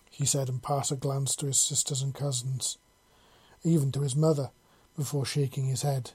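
Mellow husky story reader. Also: medium pitch, flat delivery, normal speed. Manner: casual reading with self-corrections. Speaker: audiobook narrator. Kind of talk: reading fan fiction aloud.

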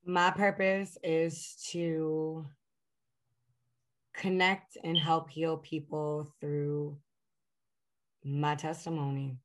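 A woman's voice: sits low, level tone, drawn-out words, long pauses. A woman chatting as an interview guest, casual and talkative, with many fillers, sometimes reflective and earnest. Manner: reflective and earnest about her purpose.

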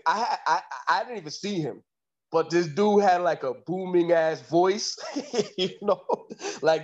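A man recounts a story in loose, profane slang, laughing as he goes. His voice sits a little high. The recording sounds dull and lo-fi. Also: darkish tone. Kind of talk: casual storytelling.

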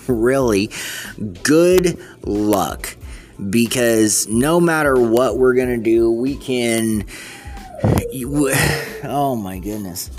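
A vlogger in an unscripted ranting monologue, exasperated and rambling, often restarting sentences. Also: mid-range voice. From United States.

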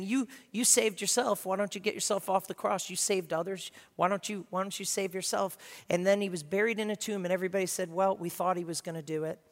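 A male pastor preaching a sermon, passionate and swinging from quiet to loud. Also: high voice, long reverb tail. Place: church sanctuary.

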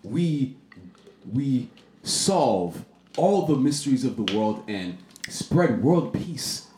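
Male podcast host, animated storyteller, roomy echoey sound. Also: slow, noisy background. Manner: animated, swings into high-pitched voices for quoted people. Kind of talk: casual storytelling chat. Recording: roomy echo.

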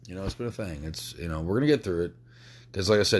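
Deep-voiced man, emotional podcast host. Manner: emotional, sweary, halting restarts. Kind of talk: personal podcast talk.

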